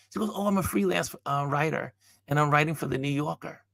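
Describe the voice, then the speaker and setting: A man hosting a motivational talk, telling a personal story and acting out the dialogue with animated delivery. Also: mid-range voice, quick pace, creaky, no room sound, studio quality. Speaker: host.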